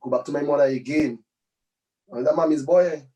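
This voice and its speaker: A man's voice: on the high side, brisk, mellow, far from the mic, low-quality recording. A man, a musician guest, telling rambling stories in a casual interview, full of tag phrases.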